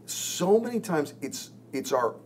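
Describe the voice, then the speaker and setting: A man's voice: fairly high pitch, sing-song, unhurried, slight background noise. A man, a pastor, talking earnestly in a podcast discussion and acting out quoted lines as he tells a story.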